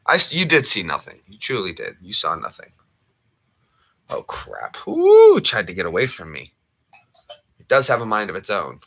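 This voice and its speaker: Lively, bright-voiced man joking around. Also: deep voice, moderate pace, vocal fry, long pauses, slightly rough. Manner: rambling and jokey, playful repetitions. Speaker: gaming streamer. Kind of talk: casual chat while gaming.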